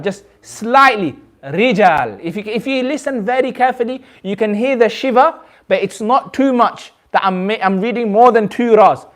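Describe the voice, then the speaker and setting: A man with a British accent teaching a recitation class, patiently repeating and demonstrating sounds and often checking that the students understand. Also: sits high. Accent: British English. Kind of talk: classroom tajweed lesson.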